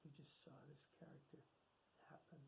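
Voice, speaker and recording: Over some background noise, a man speaks at a moderate pace as he introduces a classic film to an audience. As the lecturer presenting the screening, he shares behind-the-scenes anecdotes casually, with plenty of fillers and false starts.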